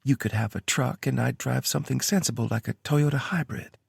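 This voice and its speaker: A man's voice: mid-range voice, steady tone, a little fast, gravelly, breathy edge, no echo, clean studio sound, pitched above the performer's own voice. A man voicing a teasing young woman with a Kentucky accent. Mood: playful. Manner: teasing, mock-serious. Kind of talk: audiobook character voice.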